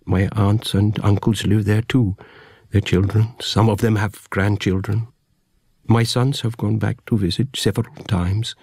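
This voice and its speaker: A man reading the lines of a lean, courteous middle-aged father of three in a measured, polite way, close to his own voice. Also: lowish voice, a little mellow, husky, dry recording.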